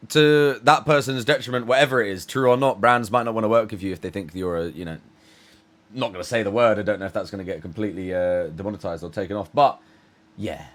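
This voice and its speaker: A man from the UK hosting a reaction video, chatting casually and hesitantly with many restarts. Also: fairly low pitch. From United Kingdom. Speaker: reaction channel host.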